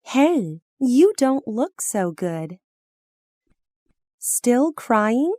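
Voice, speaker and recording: A woman reading practice phrases slowly and carefully for language learners, each line delivered clearly and deliberately. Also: on the high side, sing-song, dark tone, no room sound, studio quality. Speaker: phrase reader.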